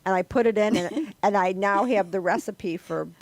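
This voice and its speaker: A woman's voice: mid-range voice, moderate pace, darkish tone, dry recording. A middle-aged woman hosting a casual group chat over a video call, rambling and laughing at herself. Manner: rambling, laughing, self-deprecating. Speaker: host.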